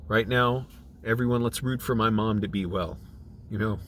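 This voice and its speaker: A middle-aged man, choked up, talking in a halting, emotional way, with many restarts and fillers. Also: lowish voice, fairly even intonation, fairly bright tone, a little hiss or hum. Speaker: channel creative director. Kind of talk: personal video diary.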